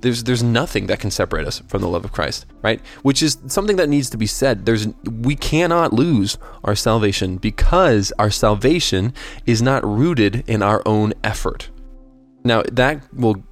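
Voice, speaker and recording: A man's voice: on the low side, expressive, normal speed, soft background music. A man casually explaining the meaning of hymn lyrics and his faith in an earnest, thoughtful way, often restarting and checking in with "right?". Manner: thoughtful and earnest, with frequent restarts and tag questions.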